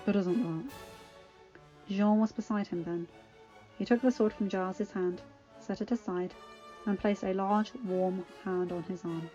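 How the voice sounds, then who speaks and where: A woman reading fanfiction aloud in a measured, expressive narration. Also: mid-range voice. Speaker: fanfiction reader. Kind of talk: audiobook-style story reading. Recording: dull lo-fi recording. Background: faint music.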